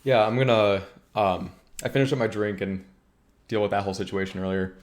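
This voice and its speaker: Lower-voiced man playing a tabletop game. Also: brisk. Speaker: player. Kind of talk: in-character roleplay chat.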